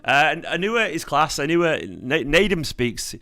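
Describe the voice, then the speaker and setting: A laid-back young man chats on a livestream, rambling along with plenty of fillers. His voice sounds tired, yet it keeps a bright, forward edge, and soft guitar music plays faintly behind him. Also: a little high, sing-song, measured pace, hardly any pauses. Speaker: fan channel host. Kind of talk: casual livestream chat.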